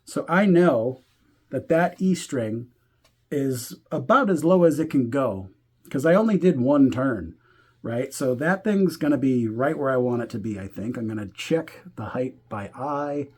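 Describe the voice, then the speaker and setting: A man with a husky, mid-pitched voice talks through a guitar setup. He stays relaxed and easygoing, thinking aloud with small fillers as he works with his hands. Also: a little slow. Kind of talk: hands-on tutorial explanation.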